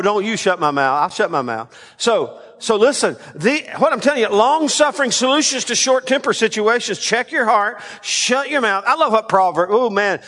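High-voiced preacher man in a reverberant hall. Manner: call-and-response preaching, has the congregation repeat phrases; swings from loud emphatic lines to low quiet asides. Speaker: pastor. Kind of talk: sermon. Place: church sanctuary.

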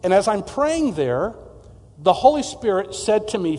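A man with a high, light voice delivers a storytelling sermon as pastor, earnest and emphatic, and he often repeats his phrases. His words ring out with a long reverb, as in a large church sanctuary. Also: very animated, a little slow, warm tone.

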